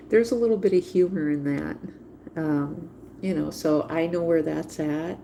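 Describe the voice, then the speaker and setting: A woman's voice: low-pitched, vocal fry, mellow, slight background noise. A woman hosting a livestream, talking casually in a rambling way and repeating phrases for emphasis. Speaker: livestream host.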